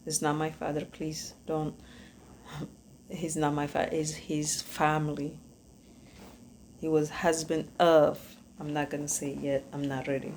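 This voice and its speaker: A woman from Ethiopia with an Ethiopian accent speaks in a low, steady voice with a gravelly fry. She gives earnest personal testimony as a podcast host, halting and searching for words. Faint noise sits behind her.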